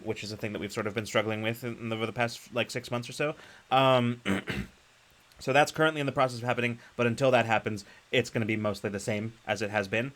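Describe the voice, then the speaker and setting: A man co-hosting a live stream, chatting casually and rambling with lots of fillers and laughs. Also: mid-range voice. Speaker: podcast co-host.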